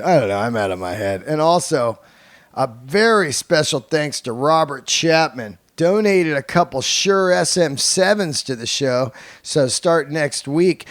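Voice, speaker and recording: A man's voice: fairly high pitch, no echo. Comedian host in his fifties, cursing casually, telling stories, bone-dry mic. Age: 50s. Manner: loose, profane, joking storyteller. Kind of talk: casual podcast monologue.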